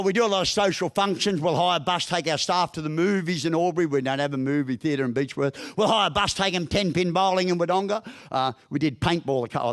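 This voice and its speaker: A middle-aged Australian man giving a humorous business talk, telling stories in a blunt, folksy way with mild swearing. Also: sits high. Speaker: business speaker. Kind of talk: humorous keynote speech.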